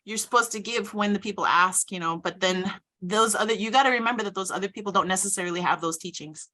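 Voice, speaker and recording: Earnest, reflective woman with bright tone. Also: mid-range voice, fast talker. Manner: earnest and reflective, speaks with quiet conviction. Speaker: panelist. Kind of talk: conversational panel discussion.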